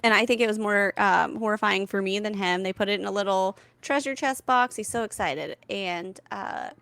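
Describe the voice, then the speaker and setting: Animated woman telling stories on a podcast. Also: medium pitch, normal speed, creaky, no echo. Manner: animated storytelling with fillers. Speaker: podcast co-host. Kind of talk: casual comedic chat.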